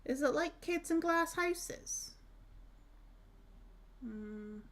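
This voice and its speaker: A woman's voice: extremely high pitch, lively intonation, extremely slow, a bit bright. A young woman from northeast Scotland with an Aberdonian accent, chatting casually and rambling through stories while streaming a game. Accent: northeast Scottish (Aberdonian). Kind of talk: casual chat while gaming.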